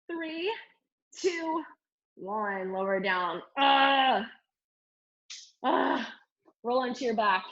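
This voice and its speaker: A woman with a fairly high voice leads a live Pilates class, calling out counts and cues with upbeat energy. She sounds a little strained, as she does the moves herself. The stream audio is slightly dull and lo-fi. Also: sharp tone. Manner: upbeat counting and cueing while doing the moves. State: strained from exercising along. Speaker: Pilates instructor. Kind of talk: live online fitness class cueing.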